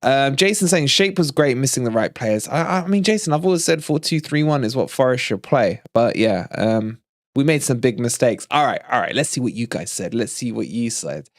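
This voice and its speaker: A man hosting a fan live stream, chatting casually, animated and teasing, with frequent laughs. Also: mid-range voice, normal speed, dry recording, clean studio sound. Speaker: fan channel livestream host.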